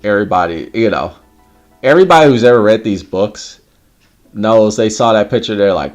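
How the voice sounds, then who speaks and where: A man hosting a casual livestream chat, animated, laughing often and swearing casually. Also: fairly low pitch, normal speed, faint music behind. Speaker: livestream host.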